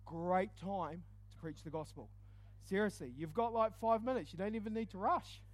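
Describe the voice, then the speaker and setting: High-voiced New preacher man. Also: normal speed. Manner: animated, swings from loud exclaims to hushed asides. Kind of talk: storytelling sermon.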